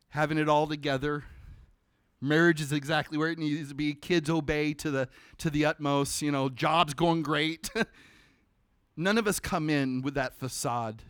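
Animated preaching man, dry close sound. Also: on the high side, no room sound. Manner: animated, conversational preaching with sudden drops to a hush. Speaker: pastor. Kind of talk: sermon.

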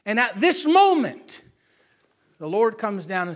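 A male preacher giving an emphatic sermon that swings between loud calls and hushed asides, often asking for an amen. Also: sits high, big pitch swings, a little slow, pauses often.

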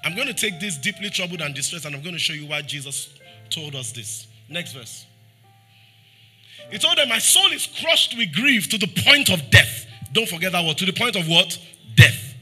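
With a husky voice and big pitch swings, a Nigerian man preaches as pastor at normal speed while soft music plays behind him. He throws rhetorical questions at the congregation and dramatizes scripture, going quiet and low when he pleads.

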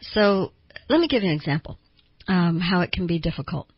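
A woman's voice: lowish voice, animated, a little fast, husky, no echo, dull audio. A woman therapist hosting a radio talk show, explaining things earnestly with small laughs.

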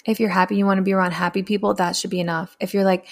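A woman's voice: medium pitch, steady tone, very fast. A young adult woman telling her own story candidly and bluntly, with profanity and acted-out quotes. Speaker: speaker sharing her story.

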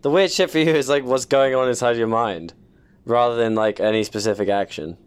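A man's voice: mid-range voice, a little fast, clean tone. Rambling young man telling stories. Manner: rambling, self-deprecating storytelling with frequent restarts and laughs. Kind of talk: casual chat.

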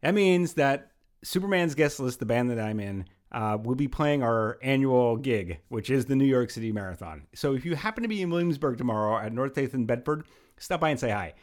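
Animated man chatting with lively pitch. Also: brisk. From Pennsylvania. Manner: animated, ranting, laughs often. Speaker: podcast host. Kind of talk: casual chat. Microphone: headphones on, video call.

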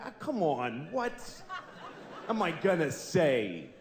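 A man in his forties performing a stand-up comedy routine on stage, deadpan and exasperated, breaking into shouted voices now and then. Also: mid-range voice, a little slow. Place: large theater stage with a live audience. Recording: echoey live hall with audience noise.

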